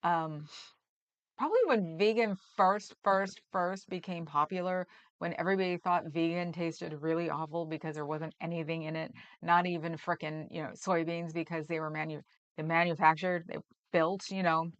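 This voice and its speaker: A woman's voice: lowish voice, fairly even intonation, normal speed, clear, resonant tone, dull audio. A woman hosting a livestream, chatting casually and rambling with frequent laughs. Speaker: livestream host. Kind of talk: casual chat reading comments.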